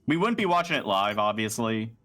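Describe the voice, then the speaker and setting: A man hosting a casual gaming stream, talking in an animated, rambling, profane way. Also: fairly low pitch, a little fast, faint music behind. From United States. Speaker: streamer host.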